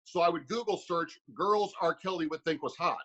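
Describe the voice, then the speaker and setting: A man's voice: on the high side, moderate pace, fairly bright tone, dull audio. A former heavyweight fighter, a man, rambling through a story with lots of fillers on a casual podcast.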